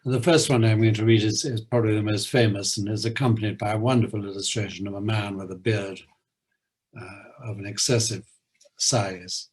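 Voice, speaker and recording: A man lecturing on poetry at a university, hesitant, with many filler pauses. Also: lowish voice, fairly even intonation, breathy edge, poor audio. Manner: reads verse aloud in a measured rhythm.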